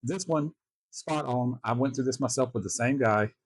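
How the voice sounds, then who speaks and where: A man hosting a reaction video, telling personal stories in a halting, casual way with wry chuckles. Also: mid-range voice, dry recording. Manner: halting, restarts often, chuckles wryly.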